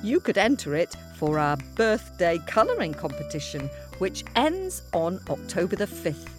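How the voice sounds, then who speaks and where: A woman hosts a children's podcast and talks to her young listeners in a chatty, playful way. Her voice sits somewhat low, and clear music plays underneath her. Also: huge pitch swings, moderate pace. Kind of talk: friendly outro chat to young listeners.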